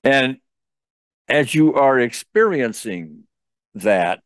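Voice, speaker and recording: An older man leads a client through a tapping session, calm and guiding, checking in often. His voice sits at an ordinary middle pitch, and it is recorded dry and close. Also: slow, smooth, dry recording. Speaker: tapping coach. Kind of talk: therapy session coaching.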